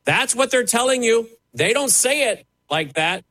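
A man's voice: extremely high pitch, expressive, unhurried, pushed and bright, poor audio. A man preaching, fiery and emphatic, mocking the voices he quotes. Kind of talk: preaching sermon.

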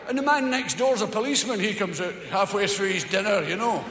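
A man's voice: high voice, brisk, hardly any pauses, fairly bright tone, some chatter behind. A Scottish man telling a rambling, sweary story in live stand-up, recorded in an echoey hall. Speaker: stand-up comedian.

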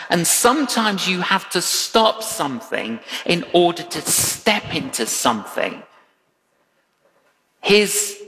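Male preacher, unhurried storyteller with a very expressive pitch, recorded in a big echoing hall. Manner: animated storytelling with acted-out quotes. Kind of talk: sermon. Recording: long hall reverb.

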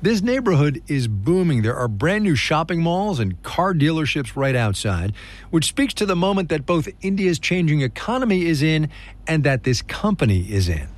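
Lively male public radio host. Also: on the high side. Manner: lively, joking, quick asides. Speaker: radio business news host. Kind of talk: public radio reporting and interviewing.

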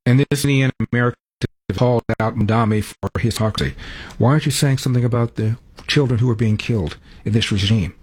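A man hosting a news show, reading brisk, punchy segment introductions. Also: mid-range voice, a little mellow, breathy edge.

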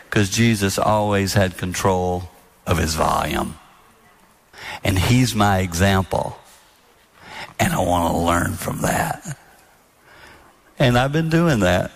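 A man's voice: on the low side, normal speed. Earnest man preaching on marriage. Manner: earnest, storytelling, acts out soft-spoken quotes. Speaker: speaker on marriage. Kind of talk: sermon-style talk to an audience.

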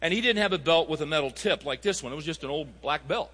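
A man's voice: on the high side, expressive, quick pace, a bit bright. A middle-aged man preaching a sermon, emphatic and throwing rhetorical questions at his listeners. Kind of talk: recorded sermon. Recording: echoey hall.

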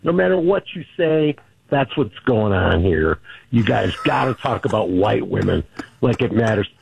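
A man's voice: fairly low pitch, expressive, moderate pace, gravelly, darkish tone, slightly rough. A man calling into a radio show, hesitant and full of fillers, then argumentative. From Chicago area. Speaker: caller. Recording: muffled phone line.

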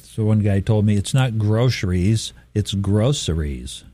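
A man's voice: fairly low pitch, steady tone, fairly quick, mellow, no echo. A middle-aged man hosting a radio show, telling an easygoing story in casual chat and chuckling often.

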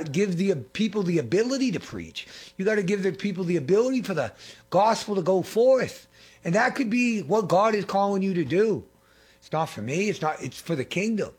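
A middle-aged man preaching a fervent sermon, repeating phrases and swinging between loud and hushed. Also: high voice, husky. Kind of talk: impassioned sermon.

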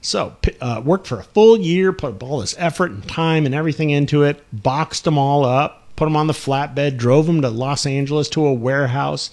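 Rich: A man in his own voice, retelling a family farming story with lively, quick energy. He tosses in asides and keeps asking his mother to confirm details. The tone is relaxed, casual conversation. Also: a little high. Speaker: host interviewing his mother.

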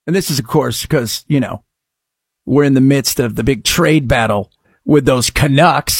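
A man hosting a talk radio show, delivering a sarcastic, animated monologue. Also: fairly high pitch, normal speed, no room sound, studio quality.

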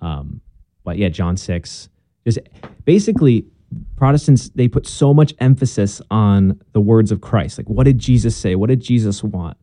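A man's voice: on the low side, lively intonation, moderate pace, dark tone, dry recording. A young man, a guest in a conversation, telling his story in an earnest, casual way and acting out bits of past dialogue.

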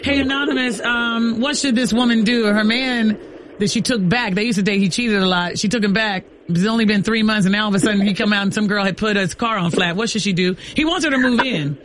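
A man hosting a radio call-in show, chatty and relaxed as he reads out listener messages. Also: high-pitched, a little fast, a little hiss or hum.

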